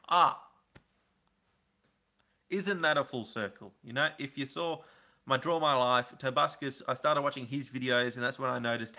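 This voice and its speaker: Aussie guy rambling on his livestream, super bright sharp voice, chatty. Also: mid-range voice. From Australia. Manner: rambling, chatty, answering chat comments. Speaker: livestream host. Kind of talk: casual live-stream chat.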